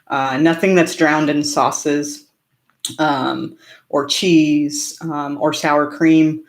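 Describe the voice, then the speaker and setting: A woman's voice: sits low, level tone, drawn-out words. A chatty woman from Southern California hosting a casual live stream, answering viewer comments with frequent fillers and laughter. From Orange County, California.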